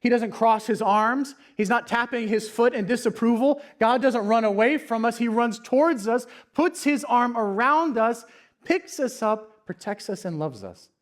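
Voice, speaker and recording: A young adult man with a notably high voice delivers a church sermon. He tells stories earnestly, sinking to near-hushed lines and then lifting into raised, emphatic passages. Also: normal speed. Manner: earnest, storytelling with dynamic swings from hushed to raised. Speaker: pastor.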